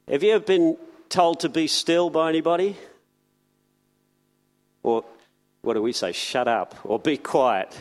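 Earnest male preacher, higher voice. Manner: earnest, repeats words, slows on key phrases. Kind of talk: sermon.

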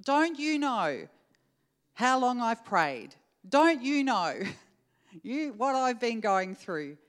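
A woman's voice: on the high side, very animated, takes it slowly, pitched above the performer's own voice. A woman preacher voicing an indignant churchgoer who fires exasperated questions at God, in a hall with long reverb. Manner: pleading, exasperated rhetorical questions.

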